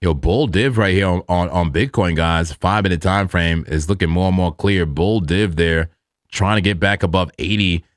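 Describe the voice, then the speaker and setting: A man with a lowish voice hosts a live trading stream, chatting loosely in slang and hyping up his viewers. The sound is dry and close, with no room echo. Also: normal speed. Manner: hyped, slangy, talks to the chat. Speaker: livestream trading host. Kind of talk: casual live-stream commentary.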